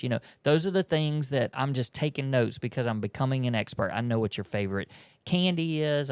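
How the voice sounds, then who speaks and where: Gravelly-voiced man giving practical advice. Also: mid-range voice, no echo. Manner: practical, explanatory with rambling restarts. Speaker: podcast co-host. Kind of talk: casual marriage podcast talk.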